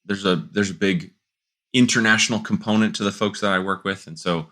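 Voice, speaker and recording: Deep bright-toned guy on a podcast, spins a long bar joke with little character voices. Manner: animated storyteller doing quick character voices. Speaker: podcast co-host. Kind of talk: casual chat, telling a long joke.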